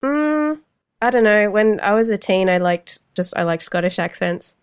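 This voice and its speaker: A woman's voice: mid-range voice, expressive, normal speed, clear, resonant tone. A woman from Australia with an Australian accent, chatting casually and laughing a lot. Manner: laughs a lot, short agreeing replies. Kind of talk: casual chat.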